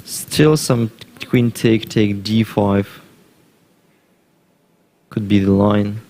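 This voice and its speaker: A man commentating live on a chess game, thinking aloud through variations in a measured way. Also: fairly low pitch, steady tone, mellow.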